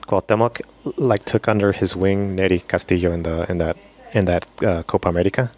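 A man with a very low voice trades opinions in a relaxed podcast chat. He speaks bluntly, leans into casual slang and gets animated when he disagrees. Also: brisk. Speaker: podcast co-host.

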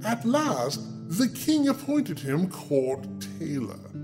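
A man's voice: mid-range voice, gravelly. A man reading a fairy tale aloud as host, breaking off for sardonic, mocking asides to the listener. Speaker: storyteller host.

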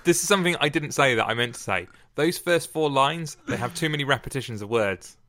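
A man hosting a casual podcast, chatty and encouraging, fussy about clear speech. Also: medium pitch, animated, brisk, sharp tone. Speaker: podcast host.

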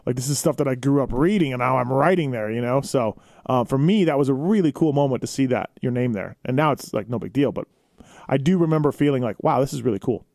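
Relaxed podcast host, steady man's voice. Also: medium pitch, fast talker, vocal fry, no echo, clean studio sound. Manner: relaxed, agreeable, heavy on fillers and backchannel. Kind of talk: casual podcast conversation.

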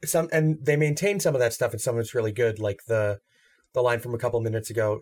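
A man's voice: medium pitch, fast talker, a little mellow. A man chatting casually about a film with friends, talking loosely with many fillers. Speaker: podcast co-host.

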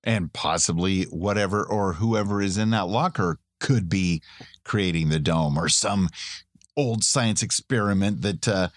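A man's voice: deep voice, a little slow, dry recording, clean studio sound. A middle-aged man co-hosting a podcast in casual chat, rambling and chatty, laughing often. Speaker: podcast co-host.

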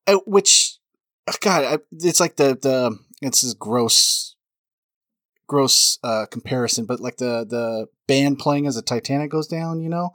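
A man co-hosting a casual movie chat, easygoing and quick to laugh. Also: medium pitch, animated, a bit bright, no echo, studio quality. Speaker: podcast co-host.

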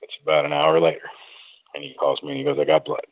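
Deep-voiced man telling a hunting story. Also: level tone. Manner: folksy, drawn-out anecdote with quoted dialogue. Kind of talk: casual storytelling. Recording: tinny phone-like line.

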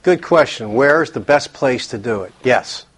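A man's voice: medium pitch, animated, moderate pace. A man speaking earnestly at a church counseling workshop, often repeating words as he thinks. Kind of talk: conversational workshop talk.

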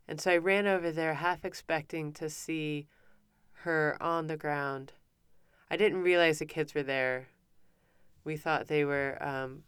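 A woman in her thirties, a podcast host, telling a personal story in a casual, animated way with many restarts. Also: low-pitched, smooth, no echo, clean studio sound. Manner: animated, breathless retelling with many restarts and acted quotes.

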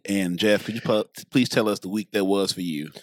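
A young adult man co-hosting a podcast, chatting casually in an animated, profane way that rises to excited outbursts. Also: lowish voice, brisk, no echo, clean studio sound. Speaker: podcast co-host. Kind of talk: casual chat.

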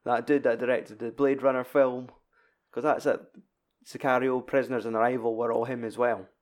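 A man's voice: mid-range voice, little pitch movement, moderate pace. A man co-hosting a podcast in casual, rambling chat, often correcting himself. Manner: rambling, chatty, self-correcting. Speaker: podcast co-host.

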